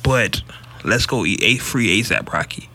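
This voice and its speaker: A man with a bright, ringing voice talks on a casual podcast. He is a regular host who speaks bluntly and with emphasis, swearing freely as he gives his opinions. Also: fairly low pitch, expressive, unhurried. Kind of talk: casual commentary.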